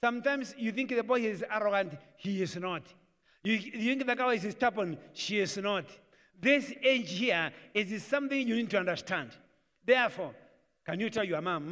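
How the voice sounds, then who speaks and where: Kenyan preacher in an echoing church. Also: male voice, high voice, normal speed, a bit bright. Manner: mixes Swahili into English, acts out family dialogues. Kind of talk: sermon. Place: church hall. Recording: church live stream with long reverb.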